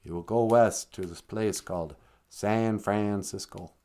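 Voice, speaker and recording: A man's voice: fairly low pitch, fairly even intonation, measured pace, warm tone, natural voice. A man voicing a male spirit who proclaims a prophecy in a playful, grand way. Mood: prophetic.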